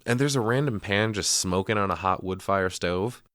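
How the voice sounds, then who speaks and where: A podcast co-host with a low but fairly bright voice walks through a movie scene by scene in a casual, crude, joking chat peppered with quick asides. The sound is studio quality, with no room sound.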